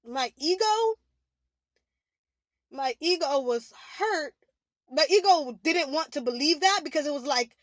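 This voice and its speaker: High-voiced woman rambling confessionally. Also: animated, measured pace, pauses often, dry recording. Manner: rambling, heavy use of "like", restarts; emotional and candid. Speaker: spiritual vlogger. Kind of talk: confessional monologue.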